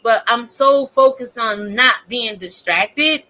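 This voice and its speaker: A woman's voice: fairly high pitch, moderate pace, few pauses, rough recording. Blunt, profane woman ranting on a stream. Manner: blunt, profane, animated and emphatic. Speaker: online commentary host. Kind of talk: casual live-stream rant.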